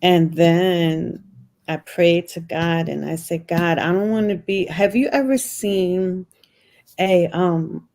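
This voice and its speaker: A woman's voice: on the low side, steady tone, slow, darkish tone. A middle-aged woman, a podcast guest, earnestly telling a personal story and repeating phrases for emphasis.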